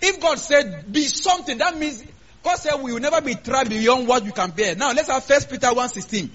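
Man preaching, very high voice, emphatic, questions the congregation, lo-fi muffled recording. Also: expressive, brisk, fairly bright tone. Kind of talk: sermon. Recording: dull, lo-fi recording.

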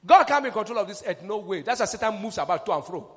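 A man preaching a sermon, emphatic and rousing, calling questions to his congregation and rising into shouts. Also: high voice, animated, fast, in a large hall.

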